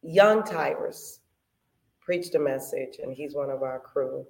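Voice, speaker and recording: A woman on a faith podcast, telling her story in a lively, preachy way and acting out her own prayers. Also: rumbling low, takes it slowly, vocal fry. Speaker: podcast co-host. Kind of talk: casual faith podcast talk.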